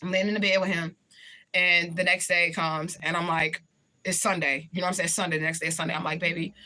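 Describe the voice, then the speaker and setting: This woman, a spiritual reader, tells a personal story in casual talk, swearing freely and repeating points for emphasis. Her voice is on the low side with a sharp tone and flat delivery, and she talks fast. Her manner is conversational, and she keeps checking in with the listener.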